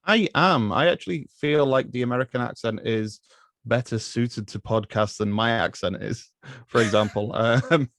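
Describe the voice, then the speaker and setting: An Englishman guesting on a podcast chats casually about films at a moderate pace. His voice is medium-pitched and fairly bright, and he's hesitant, full of fillers and restarts, laughing often. The audio is studio quality with no room sound.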